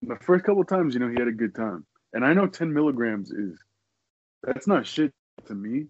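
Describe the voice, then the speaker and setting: A man's voice: mid-range voice, expressive, normal speed, darkish tone, no room sound, dull audio. A young man, a podcast co-host, talking in loose, profane, amused casual chat.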